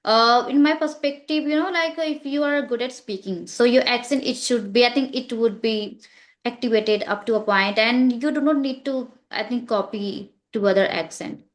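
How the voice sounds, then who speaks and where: A woman talks on a video call in an earnest, halting way. Her voice sits a little high, and she fills her sentences with "like" and "you know" as she restarts them. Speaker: English learner interviewed about her practice. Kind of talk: casual conversational chat.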